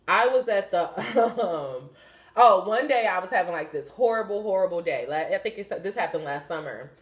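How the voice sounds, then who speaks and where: A young woman hosting a podcast, chatting candidly about spiritual signs in a rambling, swearing way. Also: medium pitch. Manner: rambling and profane, with many fillers. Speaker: podcast host. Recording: roomy echo.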